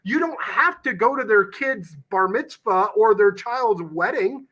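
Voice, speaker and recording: A man's voice: high-pitched, animated, unhurried, sharp tone. A man being interviewed on a podcast, talking passionately and emphatically about real estate deals, with a salesman's punch and the odd casual swear. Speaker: guest, real estate investor.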